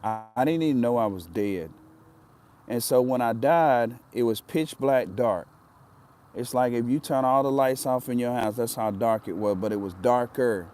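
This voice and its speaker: A man's voice: medium pitch, moderate pace, darkish tone, slight background noise. A man telling a personal story in a casual, earnest way, often repeating himself for emphasis.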